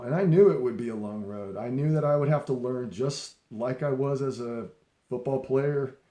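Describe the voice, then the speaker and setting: A man's voice: medium pitch, warm tone. Laid-back storytelling man, echoey room. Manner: rambling, emphatic, laughs often, frequent restarts. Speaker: speaker sharing leadership stories. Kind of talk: casual storytelling talk.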